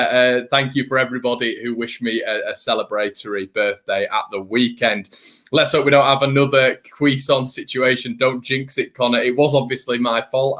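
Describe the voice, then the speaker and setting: Chatty young man with a bright voice. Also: mid-range voice. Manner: chatty, rambling, greets viewers by name. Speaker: fan channel host. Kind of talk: casual live-stream chat.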